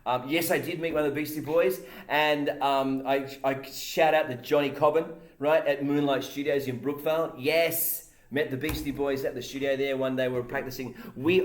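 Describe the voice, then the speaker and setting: A man's voice: a little high, fairly even intonation, fairly quick, few pauses, echoey room, a little hiss or hum. A man in his forties with an Australian accent, co-hosting a podcast and telling long rambling stories full of "right?" and other fillers. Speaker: podcast co-host. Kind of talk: casual chat.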